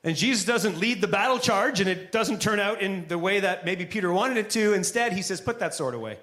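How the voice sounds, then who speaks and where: High-voiced pastor preaching, chatty, jokes to the room. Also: male voice, fairly quick, fairly bright tone. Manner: conversational, joking asides. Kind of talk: sermon. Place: church before a live congregation.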